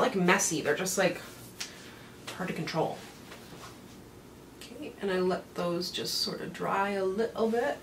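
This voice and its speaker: A woman's voice: mid-range voice, a bit bright. A woman chatting casually through a makeup tutorial, rambling with self-mocking asides. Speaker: beauty vlogger. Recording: roomy, mic set back, faint hiss.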